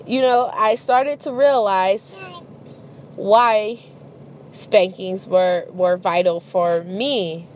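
A woman's voice: mid-range voice, slight background noise. A young adult woman telling a casual, profane story about her childhood and parenting, acting out voices as she goes. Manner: animated, profane, acts out voices.

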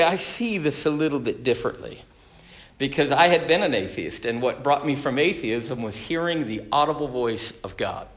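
A man preaching a sermon, storytelling dramatically and swinging from loud declarations to hushed tones. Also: on the high side, muffled recording.

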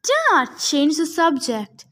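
A woman reading the part of a malicious old male ghost king, speaking slowly and mockingly. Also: high voice, natural voice. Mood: sneering. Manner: slow, sneering, mocking. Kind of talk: audiobook character reading.

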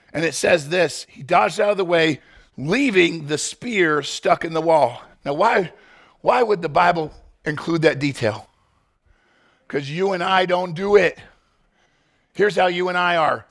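A male pastor preaches in a church, his voice a touch high and full of gravel. He swoops up and down in pitch, jumping into quick acted-out bits between points. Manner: animated, acts out quick scenes and voices. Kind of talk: sermon.

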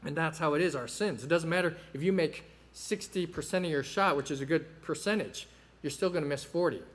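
A man's voice: a little high, brisk. A man preaching a sermon in a conversational way, with many fillers and occasional rises in emphasis.

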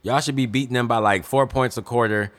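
A man's voice: mid-range voice, steady tone, fairly quick, fairly bright tone. A young man co-hosting a casual sports podcast, emphatic and insistent, hammering his points with repetition. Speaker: podcast co-host, son.

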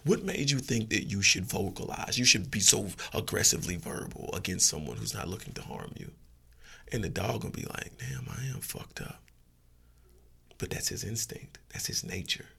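Man, podcast guest, gravelly, very bright tone, blunt, profane storyteller. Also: deep voice, animated, brisk. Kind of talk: casual podcast talk.

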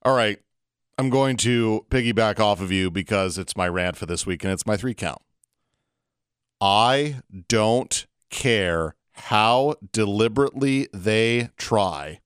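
A man co-hosting a wrestling podcast, ranting emphatically and slowing down to hammer his points home. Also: on the low side, smooth, no echo, clean studio sound. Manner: emphatic, slows down to stress points. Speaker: podcast co-host. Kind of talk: casual wrestling podcast rant.

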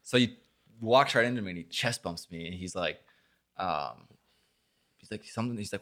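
A man's voice: low voice, a little fast, pauses often, bright, forceful tone. A young man, a podcast host, telling a story in casual chat, rambling and swearing with lots of filler words. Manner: rambling, swears a lot, full of filler likes.

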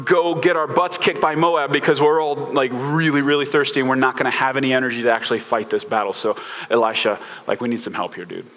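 Brief: frantic ancient king, raised and strained, exasperated and slangy, as a preacher puts him on, bright tone, long hall reverb. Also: medium pitch, fairly even intonation, quick pace, lightly acted. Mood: panicked, exasperated. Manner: exasperated, casual modern slang. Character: panicked desperate ancient male king.

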